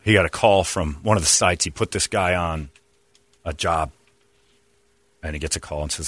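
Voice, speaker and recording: A man's voice: low-pitched, normal speed, long pauses, fairly bright tone, dry recording. A man hosting a casual radio talk show, blunt and opinionated, laughing often. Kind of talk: casual banter on air.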